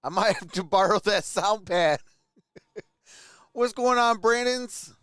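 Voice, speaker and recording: A man hosting a casual live stream with a hoarse, worn-out voice, who greets viewers one by one and laughs often. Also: sits high, slow pace, a bit bright, no room sound, studio quality. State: hoarse, voice nearly gone. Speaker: livestream host.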